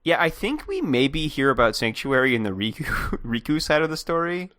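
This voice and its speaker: A man co-hosting a podcast in casual chat about a game, animated, laughing often and hesitating with fillers. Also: a little high, normal speed, no echo, studio quality. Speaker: podcast co-host.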